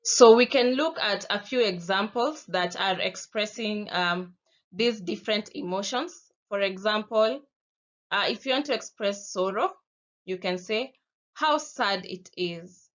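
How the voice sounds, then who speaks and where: Slow, patient Kenyan woman teacher. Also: medium pitch. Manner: slow, patient, explaining with spoken examples. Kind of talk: recorded classroom lesson. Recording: dull lo-fi sound.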